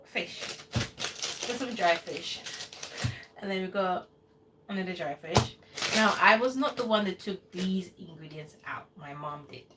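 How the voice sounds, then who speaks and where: A woman with a lowish, animated voice runs a loose live cooking stream from her UK kitchen, rambling as she replies to viewers. She talks a little slowly and pauses often. The recording has a distant mic and noticeable background noise.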